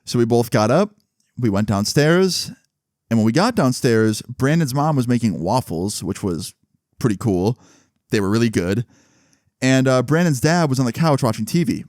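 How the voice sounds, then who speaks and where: A man telling a story in a casual storytime vlog, animated and full of swearing and fillers. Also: mid-range voice, moderate pace, no room sound, clean studio sound.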